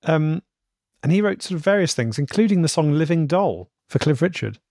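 In a casual comedic chat, a podcast co-host wryly reads aloud things he has looked up. His voice is a little high, animated, and a little mellow, delivered at a moderate pace in studio-quality audio with no room sound.

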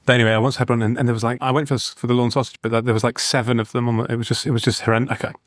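A man's voice: medium pitch, flat delivery, racing, no room sound, clean studio sound. A man hosting a podcast in casual chat, rambling and giggling, in a sound-treated booth. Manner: rambling, giggly, self-mocking. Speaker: podcast host.

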